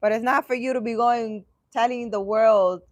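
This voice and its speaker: A woman's voice: a little high, fairly even intonation, normal speed, no room sound. A woman hosting a casual livestream, chatting with viewers in a playful, teasing way. She speaks emphatically and laughs often. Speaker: livestream host answering viewers.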